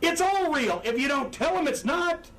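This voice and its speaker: Frantic, profane high-voiced man. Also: very animated, moderate pace, fairly bright tone. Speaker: former wrestling manager. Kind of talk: profane shoot interview. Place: sitting on a couch indoors. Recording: distant mic with faint background noise.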